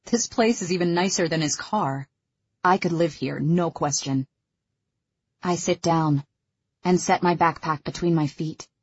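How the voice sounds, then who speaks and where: Husky woman reading an audiobook. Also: on the low side, measured pace, no echo, muffled recording. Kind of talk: first-person audiobook narration.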